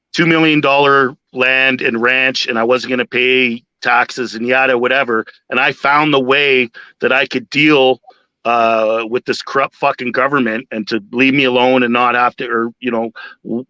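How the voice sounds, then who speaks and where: Mężczyzna o jasnym, ostrym głosie, mówi chaotycznie i przeklina, nagranie przytłumione i suche. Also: male voice, medium pitch, sharp tone, no room sound, dull audio. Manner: rambling, hesitant, swears often, many fillers. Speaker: panel guest. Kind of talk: casual chat.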